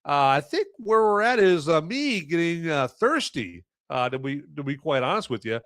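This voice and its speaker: A man's voice: on the high side, big pitch swings, normal speed, fairly bright tone, no echo, clean studio sound. Rambling, jokey male podcast host. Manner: rambling and self-mocking, jokey asides. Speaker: podcast host reviewing movies and beer. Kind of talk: casual live-stream chat.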